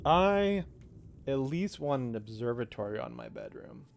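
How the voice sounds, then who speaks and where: A man's voice: medium pitch, huge pitch swings, measured pace, vocal fry, noisy background. A man streaming a game live, chatting casually and swearing as he thinks aloud. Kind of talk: live gameplay commentary.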